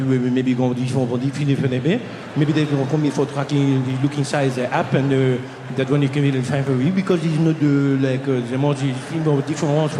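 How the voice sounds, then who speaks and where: A man's voice: medium pitch, noisy background, natural voice. A man voicing a short, older French airport information clerk who rambles in broken, accented English. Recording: live venue with long reverb.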